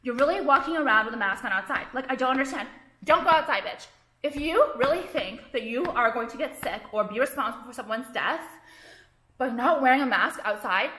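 A woman's voice: high-pitched, bright, forceful tone. A woman designer vlogging an angry, profane rant full of filler words, in an echoey room. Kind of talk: ranting vlog monologue.

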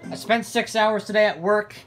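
A young adult with a nearly lost, hoarse voice gives excitable let's-play commentary, swearing loudly at the game. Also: medium pitch, normal speed. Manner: loud outbursts and heavy swearing at the game. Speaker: gaming channel host. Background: game music.

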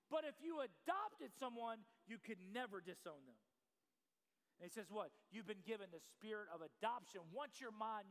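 A man preaching a sermon as pastor, asking the congregation questions and building to shouts. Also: extremely high pitch, vocal fry, big-room sound. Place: church sanctuary.

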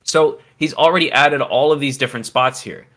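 A man teaches music production on a casual livestream, chatting loosely and making asides to the chat. He is losing his voice, so he sounds a little hoarse, with a medium pitch, a slightly fast pace, and a fairly bright tone.

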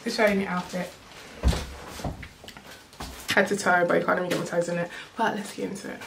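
A woman's voice: on the low side, level tone, a little fast, vocal fry. A young woman from the UK chatting casually through a clothing try-on haul at home, rambling and playful. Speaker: fashion vlogger. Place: room at home. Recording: distant camera mic with background noise.

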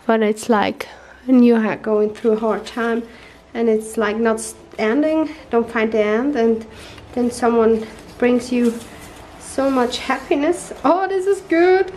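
Slow-talking woman, gushing and teary. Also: a little high, fairly even intonation, a little mellow, slight background noise, rough recording. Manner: gushing, searching for English words. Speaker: papercraft vlogger. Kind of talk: casual unboxing chat. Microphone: tablet microphone.

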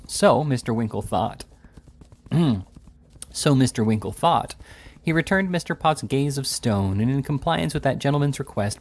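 A man reading a classic novel aloud in a measured, deliberate narration with occasional restarts. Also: medium pitch, darkish tone, slightly rough. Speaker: reader.

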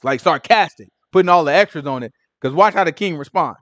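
A man's voice: fairly high pitch, a little fast, a bit bright, dry recording. A man leading a casual Bible study, retelling scripture in slang and acting out the characters' lines. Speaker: Bible teacher.

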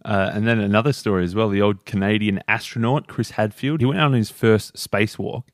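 Man, podcast co-host, easygoing storyteller, lower voice, dry recording. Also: fairly even intonation, a little fast, dry recording. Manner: easygoing storyteller, retelling anecdotes. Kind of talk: casual book discussion.

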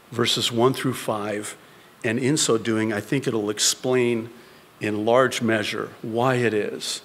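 A male pastor preaching in a church, his voice ringing out with a long hall reverb. He talks slowly and deliberately at a middle pitch, then climbs into loud, high exhortation and drops back down to soft whispers. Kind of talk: sermon. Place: church before a live congregation.

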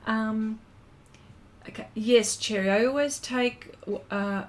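A woman's voice: a little high, takes it slowly. A middle-aged Australian woman hosting a live art stream, chatting casually and reading out viewers' comments while she paints, with many fillers and restarts. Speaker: livestream art host.

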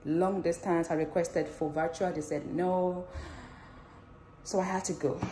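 A woman nurse in a casual vlog, sharing her news excitedly and laughing often as she talks straight to her viewers. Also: fairly low pitch, measured pace. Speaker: nurse and theatre manager.

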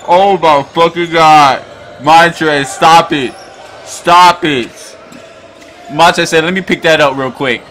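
A man hosting a basketball reaction video, talking in a loud, hyped, profane way and often shouting at the screen. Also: a little high, slow pace, a little hiss or hum. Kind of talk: excited basketball reaction commentary.

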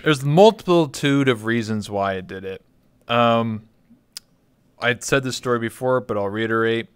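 A man from Canada speaks in a relaxed interview, his voice smooth and clear. He tells a long story candidly, rambling and circling back with frequent fillers. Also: mid-range voice, measured pace, no echo. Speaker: interview guest. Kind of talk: casual conversation.

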